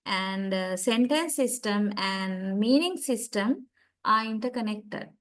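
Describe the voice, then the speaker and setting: Slow, deliberate woman lecturing online. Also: mid-range voice, lively intonation, a bit bright, poor audio. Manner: slow, deliberate explaining with frequent "right?" and "uh" checks.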